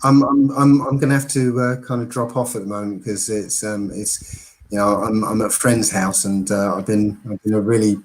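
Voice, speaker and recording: A man's voice: on the low side, fairly even intonation, normal speed, a little hiss or hum, rough recording. A man talking as a guest on a livestream call, stammering and restarting his sentences. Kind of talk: casual chat on a call.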